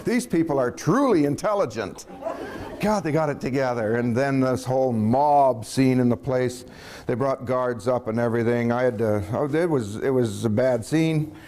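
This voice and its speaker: In a mid-range voice at normal speed, a man recounts something that happened to him, laughing softly as he goes. He keeps things casual and lively, impersonating the people whose words he repeats.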